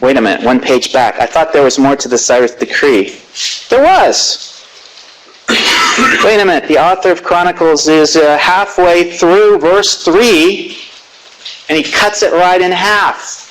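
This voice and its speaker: A man giving a classroom lecture, animated, asking rhetorical questions and reading scripture aloud slowly. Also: fairly high pitch, poor audio.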